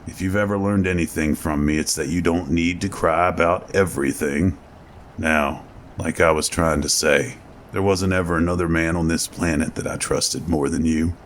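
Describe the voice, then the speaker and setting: A man's voice: rumbling low, slight background noise. A man voicing a blunt, foul-mouthed soldier who is the narrator's weary best friend, in a spoken horror story. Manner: gruff and blunt.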